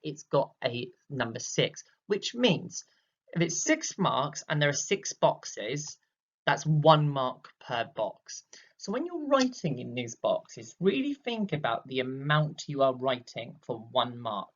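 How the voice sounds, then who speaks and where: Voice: mid-range voice, sing-song, unhurried, breathy edge, highs cut off. A British drama teacher talking a class step by step through an exam question in a recorded lesson, checking in with "okay?" as they go.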